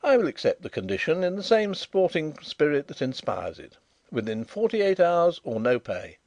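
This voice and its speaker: A man doing a calm, shrewd gentleman detective. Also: a little high, no echo, voice pushed up. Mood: assured. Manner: assured, measured, dryly courteous.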